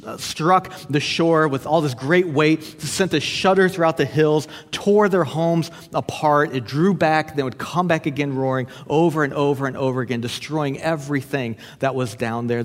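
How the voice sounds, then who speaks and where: A man preaching a sermon as pastor, telling a story earnestly and often stumbling over and repeating his words. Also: mid-range voice. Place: church sanctuary. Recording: long church hall reverb.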